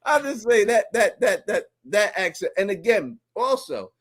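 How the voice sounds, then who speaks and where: Guy co-hosting a live stream, kinda high voice, lively and slangy, laughs a bunch. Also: measured pace. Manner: animated, laughs a lot, slangy. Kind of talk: casual chat.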